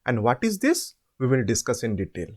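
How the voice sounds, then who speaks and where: A man explaining an assignment step by step. He asks questions and answers them himself, and repeats words slowly to show how they are said. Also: medium pitch, wildly swooping pitch, darkish tone. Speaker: online tutor.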